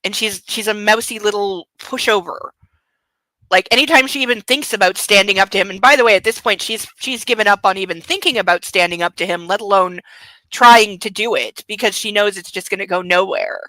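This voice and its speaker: A woman's voice: mid-range voice, brisk, sharp tone, no echo, rough recording. A woman hosting a book club podcast, giving sarcastic, ranting commentary on a novel.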